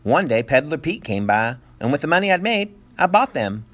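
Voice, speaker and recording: Guy teacher reading a kids' story out loud, voice bouncing up and down, jokey asides. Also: fairly high pitch, moderate pace. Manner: animated storytelling with playful asides. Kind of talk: reading a picture book aloud.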